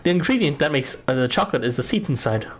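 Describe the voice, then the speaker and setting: A man's voice: fairly high pitch, lively intonation, fast talker, soft background music, natural voice. A man voicing a cheerful male farmer with a put-on Texas country drawl, folksy and hearty.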